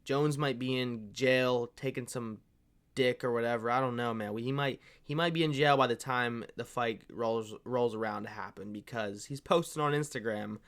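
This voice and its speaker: A man's voice: medium pitch, moderate pace, a bit bright, clean tone. Fired-up swearing man ranting casually. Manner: profane, fired-up and rambling, calls viewers "bro". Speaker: MMA commentary channel host. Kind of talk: casual opinion rant.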